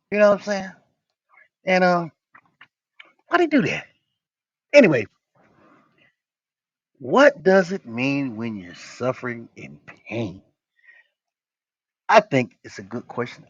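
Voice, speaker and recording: A man's voice: a little high, sing-song, a little slow, long pauses, no echo. A man hosting a livestream, chatting casually and joking with his viewers in a loose, rambling way. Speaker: livestream host. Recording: dull, dry lo-fi stream audio.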